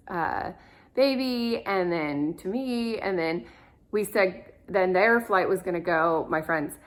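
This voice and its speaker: A woman's voice: fairly low pitch, a bit bright. A woman in her thirties, an adoptive mother, telling stories in a casual, rambling way with many fillers. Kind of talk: casual storytelling to camera.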